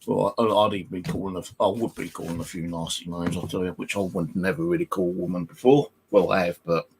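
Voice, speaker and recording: A man's voice: deep voice, fairly even intonation, fast talker, background noise. A man, talking casually to camera at home, rambling and swearing in an aggrieved way. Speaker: vlogger. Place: home flat indoors.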